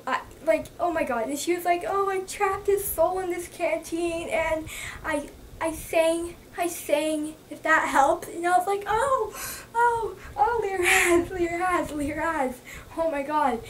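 A young woman gushing excitedly about a book in a casual review, full of fillers. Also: high-pitched. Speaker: book vlogger. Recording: slightly distant mic with faint background noise.

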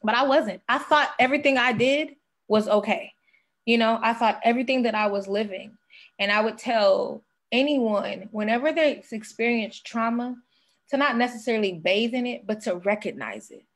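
A woman's voice: on the high side, moderate pace. A young woman speaking as a podcast guest, sharing an earnest personal testimony and fighting back tears.

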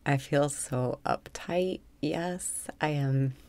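Slow, low, gravelly woman guiding meditation. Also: a little hiss or hum. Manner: slow, breathy guidance mixing calm cues with frank, profane venting. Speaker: meditation guide. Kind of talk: guided meditation with spoken affirmations.

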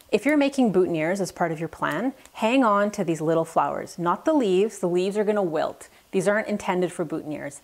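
Woman florist, hands-on tutorial, practical tips, slightly low voice. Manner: friendly, practical, explains step by step with tips. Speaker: florist instructor. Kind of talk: demonstration tutorial. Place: flower shop work table.

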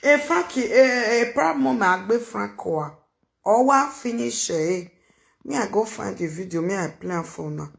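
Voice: medium pitch, lively intonation, a little slow, vocal fry, a bit bright. Exclamatory Nigerian commentator in an echoey room. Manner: exclamatory, repeats phrases, mixes Pidgin and Yoruba. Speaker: social media commentator. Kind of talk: casual reaction commentary.

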